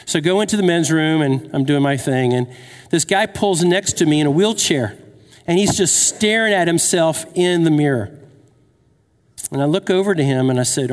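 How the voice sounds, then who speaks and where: A man's voice: on the high side, normal speed. A man in his fifties preaching a sermon, telling a personal story and asking the crowd questions, with jokes along the way. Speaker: pastor. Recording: long hall reverb.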